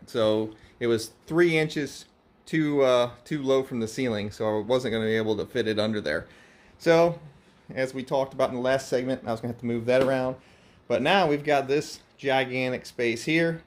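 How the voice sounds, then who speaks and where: A man hosting a grow-tent vlog in an indoor grow room, talking loosely, swearing freely and laughing often. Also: medium pitch. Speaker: grow channel host. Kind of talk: casual vlog narration.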